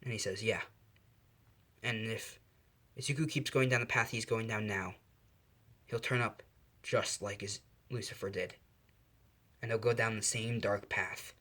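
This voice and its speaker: Man voicing solemn angel father, male, low, quiet, grave warnings. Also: steady tone, measured pace, long pauses.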